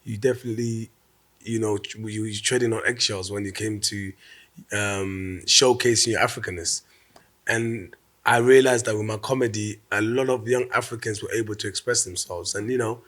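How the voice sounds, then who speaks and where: A comedian being interviewed talks things over in a relaxed, reflective way. His voice sits in a middle register for a man, and he often restarts words mid-thought. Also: mid-range voice. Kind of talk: casual interview.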